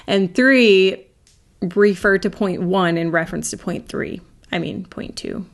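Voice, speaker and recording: A woman's voice: lowish voice, a little slow. A woman doing casual reaction commentary on a video, with dry, sarcastic remarks. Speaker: anti-MLM commentator.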